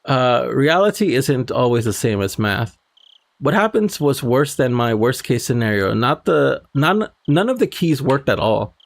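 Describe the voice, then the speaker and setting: A streamer reads a visual novel aloud in a gravelly, mid-pitched male voice. He narrates the text line by line and stops now and then to check his stream settings. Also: sing-song, unhurried, no echo.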